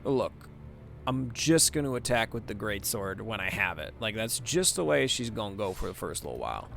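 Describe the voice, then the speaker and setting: A man's voice: fairly low pitch, very animated, moderate pace, creaky, fairly bright tone, soft background music. A man giving casual let's-play commentary, reading the game text aloud and chatting about his choices. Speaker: gaming streamer.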